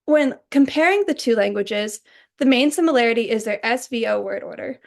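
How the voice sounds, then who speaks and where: A young adult woman giving a recorded class presentation, explaining points in a clear, orderly way. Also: a little high, expressive, fairly quick. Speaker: student presenter.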